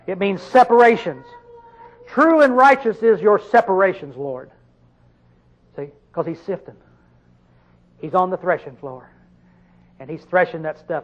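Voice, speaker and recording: Male preacher with a high voice; sermon delivery, questioning listeners, with sudden loud emphatic bursts. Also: poor audio. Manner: reads scripture slowly and drawn out.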